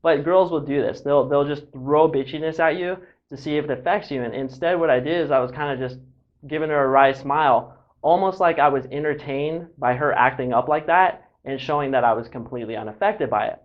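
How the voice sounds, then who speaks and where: A man's voice: on the high side, a little fast. A man from Southern California telling a casual story as a dating coach, breezy and cocky, swearing freely, in a dull lo-fi recording.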